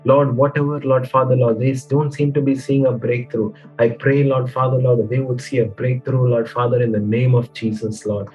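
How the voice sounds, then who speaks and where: A man preaches and prays in an earnest, steady way, his husky voice staying fairly flat. He keeps returning to "Lord, Father" between his phrases. Soft music plays faintly behind him. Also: mid-range voice, moderate pace, hardly any pauses, rough recording. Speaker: pastor. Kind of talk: sermon and spoken prayer.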